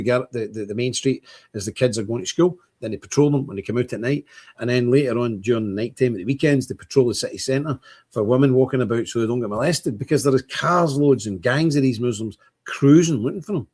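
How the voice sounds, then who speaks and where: A man delivers a livestream monologue in a blunt, emphatic style, hammering his points home by repeating them. His voice sits at an ordinary middle pitch for a man. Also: husky. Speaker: streamer host.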